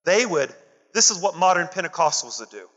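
High-voiced preacher in a reverberant hall. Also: male voice, sing-song, fairly quick, fairly bright tone. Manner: preaching with call-and-response to the congregation. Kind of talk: sermon. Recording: dull lo-fi audio with long hall reverb.

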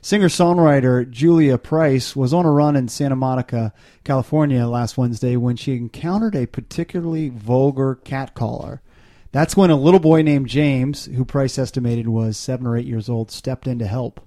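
A young man hosting a casual podcast, talking in a relaxed, halting way with many fillers. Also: mid-range voice. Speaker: podcast host.

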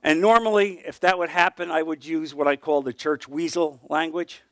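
A middle-aged man leads a Bible class in an earnest, storytelling manner. His voice sits high for a man, and he often drops to a soft, low hush at moving points. The sound is dry and close. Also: fairly even intonation, normal speed, no room sound. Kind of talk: conversational Bible teaching with personal testimony.

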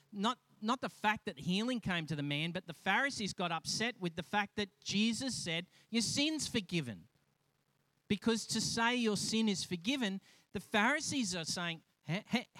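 A man preaching a sermon, animated and acting out the voices of the people in his stories, with frequent restarts. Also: high voice, dry recording. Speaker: pastor.

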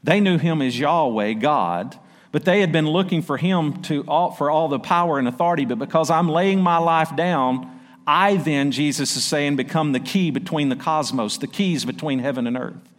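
A man preaching a sermon as pastor. He reads scripture slowly and loudly, then drops into quick, quieter asides and calls out to the congregation. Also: on the high side. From South Arkansas. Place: church sanctuary. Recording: long church-hall reverb.

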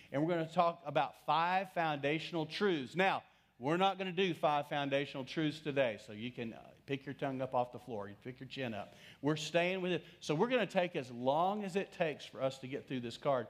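Pastor, middle-aged man, sermon delivery; conversational preaching that drops to quiet, slowed emphasis. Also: fairly high pitch. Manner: conversational preaching with swings between loud emphasis and hushed, slowed lines.

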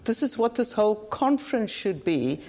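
With a warm, medium-pitched, sing-song voice at a moderate pace, and a faint hiss or hum, this South African woman preaches at a conference. She's earnest and plain-spoken, often repeating phrases to drive points home.

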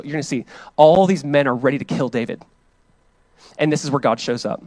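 A man in his thirties preaching and praying as a pastor, casual and energetic, often repeating and restarting phrases. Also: a little high, quick pace, dry recording. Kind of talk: sermon with prayer. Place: church hall.

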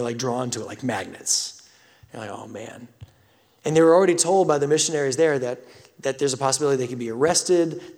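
A pastor giving a sermon, telling a story with emphatic swells and hushed drops. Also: male voice, mid-range voice, big-room sound.

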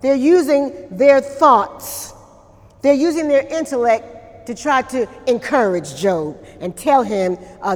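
A woman's voice: high-pitched, slow pace, long reverb tail. A woman pastor preaching a sermon in church, talking conversationally, repeating words and asking the congregation questions. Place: church during a service.

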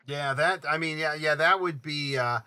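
An older man from Southeast Michigan hosting an interview, talking in halting, rambling sentences full of restarts. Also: a little high, bright, forceful tone, clear, resonant tone. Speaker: podcast host. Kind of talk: conversational interview.

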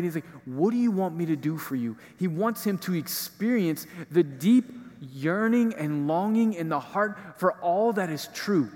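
A male preacher giving a conversational homily in a church, using casual fillers as he explains. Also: high-pitched. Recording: reverberant hall.

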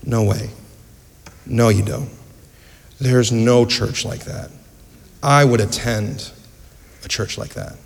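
A man voicing a gruff male diner cook in a hushed, low-key way, in an echoey hall. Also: takes it slowly, pauses often. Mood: hushed wonder.

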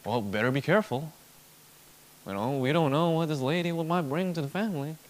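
A man's voice: on the high side, brisk, lightly acted. A man putting on wary drawling Southern elders. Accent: Southern US, put on. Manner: mock-cautious, drawling warning. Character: wary skeptical village elders, men, drawling.

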